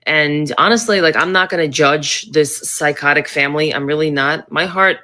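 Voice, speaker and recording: A woman in her thirties delivers heated political commentary with a blunt, sarcastic edge and free swearing. Her voice is low-pitched and bright, with a forceful ring to it. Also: steady tone, normal speed. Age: 30s.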